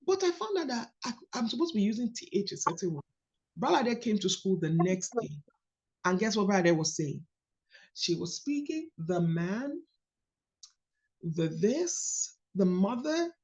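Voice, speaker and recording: A Nigerian woman in her thirties coaches a group, her mid-pitched voice swinging up and down with emphasis as she teaches and tells stories. The sound is a little dull and lo-fi, like a call recording. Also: a little slow. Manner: animated, storytelling, emphatic. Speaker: coach leading a book study call. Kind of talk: casual teaching talk.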